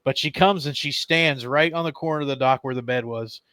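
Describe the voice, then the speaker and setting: A man's voice: medium pitch, a little fast, bright, forceful tone, no echo. Man telling a rambling fishing story, dry mic. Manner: rambling, filler-heavy storytelling. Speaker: tournament angler guest. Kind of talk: casual podcast storytelling.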